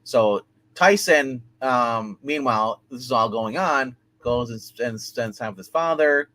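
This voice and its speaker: A man co-hosting a TV recap show, telling the plot in a rambling, halting way with many fillers and restarts. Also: mid-range voice, sharp tone. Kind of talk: casual TV episode recap.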